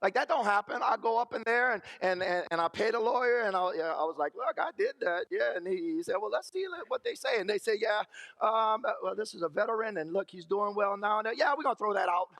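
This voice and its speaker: Middle-aged male preacher, high tenor, fervent testimony style, hammers phrases through repetition. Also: lively intonation, fast talker, a bit bright. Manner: emphatic, repeats phrases for effect. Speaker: guest speaker giving testimony. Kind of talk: personal testimony at a church camp meeting.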